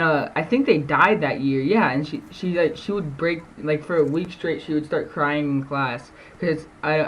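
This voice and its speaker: A man's voice: a little high, a little hiss or hum, low-quality recording. A teenage boy telling stories from school to camera in a rambling way, with many fillers and laughs between sentences. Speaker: vlogger. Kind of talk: casual storytelling to camera.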